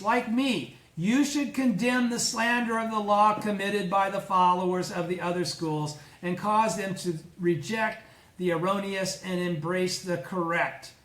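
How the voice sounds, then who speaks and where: Guy teaching a study group, pretty high voice, slow emphatic bits, echoey room. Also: fairly bright tone. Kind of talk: reading and explaining scripture to a group.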